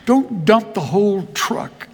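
An older man preaching a sermon, telling folksy stories in a slow, easy drawl. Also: high voice, animated, a little mellow, husky, long reverb tail. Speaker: pastor. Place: large church hall.

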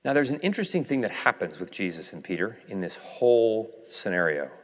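A man preaching a sermon, swinging from raised emphasis to hushed low passages and acting out quoted dialogue. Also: sing-song, a little fast. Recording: reverberant hall.

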